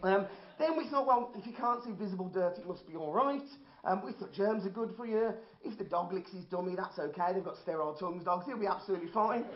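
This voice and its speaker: A man from Birmingham, England, performs a dry, self-deprecating stand-up set in an indoor hall, speaking fast in a high-pitched voice. The recording is roomy, dull and lo-fi.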